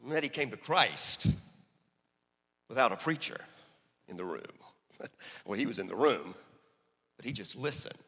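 A middle-aged man preaching a sermon as a story, swinging from hushed passages to emphatic peaks. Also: mid-range voice, big pitch swings, normal speed, pauses often, slightly rough. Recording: echoey hall.

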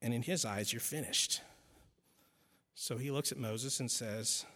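A man's voice: medium pitch, a little slow, pauses often, sharp tone. A male preacher giving an emphatic sermon, driving points home by repetition and adding wry asides. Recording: long reverb in a large hall.

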